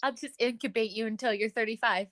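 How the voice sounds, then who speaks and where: A woman's voice: fairly high pitch, steady tone, fast, fairly bright tone, no echo, clean studio sound. A woman hosting a casual podcast, asking questions and reacting with playful, teasing quips. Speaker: podcast host.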